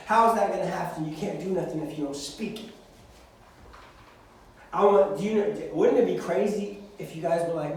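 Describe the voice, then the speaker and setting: A man's voice: high voice, a little fast, a little mellow. A young man preaching a sermon to young people, acting out prayers as he speaks. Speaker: youth pastor. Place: church hall. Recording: echoey hall from far off.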